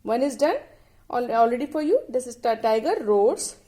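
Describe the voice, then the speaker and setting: A woman's voice: on the high side, animated, moderate pace, dark tone. A woman teacher giving a lesson, who spells words out letter by letter and imitates the animal sounds. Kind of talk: online class lesson.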